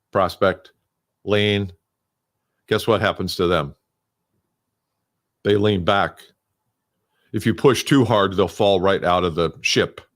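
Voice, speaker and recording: A middle-aged man coaching salespeople in a conversational, emphatic solo talk. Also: lowish voice.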